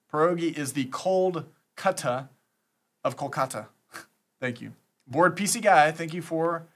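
Chatty male live-streamer, slightly high voice. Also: a bit bright. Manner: chatty, reads out supporter names with thanks. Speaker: streamer scambaiting host. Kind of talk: casual live-stream chat.

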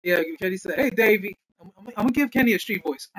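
A man's voice: sits high, fast, fairly bright tone, rough recording. A man hosting a casual gaming livestream, reading chat aloud, laughing often and blessing viewers in churchy phrases.

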